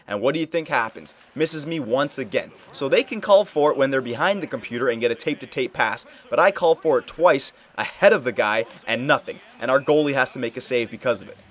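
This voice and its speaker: A young man hosting a casual game tutorial, explaining plays over footage in a coaching tone and often checking in with "okay?". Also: medium pitch. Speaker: video game tutorial host. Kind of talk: casual gameplay tutorial commentary.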